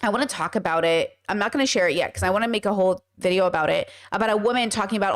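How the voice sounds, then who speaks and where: A woman's voice: medium pitch, racing, few pauses. A woman hosting a casual commentary stream, blunt and emphatic and swearing freely. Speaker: podcast host.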